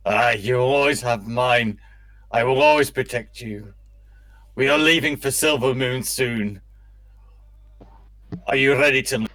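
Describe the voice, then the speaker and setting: A scarred dwarf warrior, full of self-pity, his words stumbling and catching as he pleads, as a man puts him on at the gaming table. He speaks slowly, at an everyday pitch. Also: fairly bright tone, lightly acted. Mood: earnest. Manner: halting, stammering pleas.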